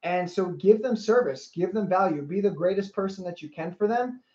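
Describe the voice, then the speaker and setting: A man's voice: high voice, normal speed, a little mellow. A man giving a motivational livestream talk as a life coach, earnest, repeating phrases and greeting viewers by name. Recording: roomy, slightly dull livestream audio.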